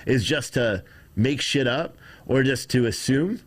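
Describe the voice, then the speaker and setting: A man's voice: mid-range voice, measured pace. A man hosting a livestream, rambling, frustrated, reading chat aloud, and swearing now and then. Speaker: livestream host. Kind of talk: casual livestream commentary.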